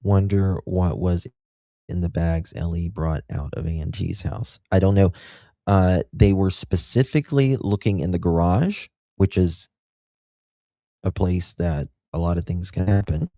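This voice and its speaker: A man's voice: deep voice, measured pace, mellow, dry recording, clean studio sound. A man hosting a true-crime livestream, thinking aloud in casual commentary and posing rhetorical questions.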